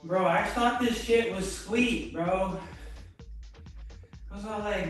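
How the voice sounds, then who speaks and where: Higher-voiced man, unhurried, out of breath, home garage streamer, roomy and distant sound. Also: soft background music. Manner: laid-back, chatty, greets viewers by name. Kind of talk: casual chat with live chat while lifting.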